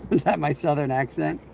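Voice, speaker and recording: Gravelly-voiced man chatting while fishing outdoors. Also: mid-range voice, a little mellow. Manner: rambling, chatty, answers viewer chat. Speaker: fishing livestream host. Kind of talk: casual live-stream chat while fishing. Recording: outdoor insect and cricket noise.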